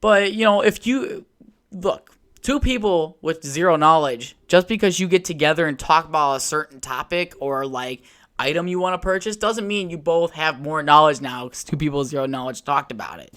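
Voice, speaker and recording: A man's voice: on the high side, moderate pace, fairly bright tone. A young man hosting a solo podcast from home, telling a rambling, swear-heavy story in a casual chat. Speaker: podcast host. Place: at home by a window.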